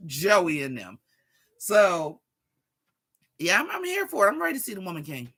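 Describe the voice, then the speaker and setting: Vlogger, 40s, sassy profane rant to camera, crisp bright tone. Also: medium pitch, moderate pace, pauses often. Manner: profane, sassy, animated, talks straight to viewers.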